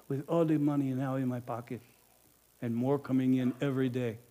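A man's voice: mid-range voice, steady tone, moderate pace, close to an everyday voice. A man playing a fretful Bethlehem innkeeper. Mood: guilt-ridden. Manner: chatty, wheedling salesman's patter shifting to hushed confession. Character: harried, penny-pinching male innkeeper of Bethlehem, middle-aged. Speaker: storyteller in character. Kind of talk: first-person dramatic monologue.

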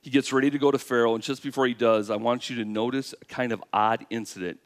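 Quick-paced with a mid-range voice, the man preaches a sermon full of animated storytelling. He plays out God's and Moses' words and directs questions at the people listening.

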